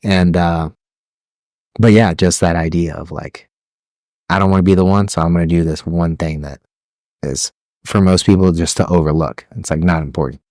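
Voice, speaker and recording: A young man, a podcast co-host, chatting casually, rambling through stories with frequent laughs and swearing, and mimicking yelling drill instructors. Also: low voice, fairly even intonation, moderate pace, dry recording, clean studio sound. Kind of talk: casual chat.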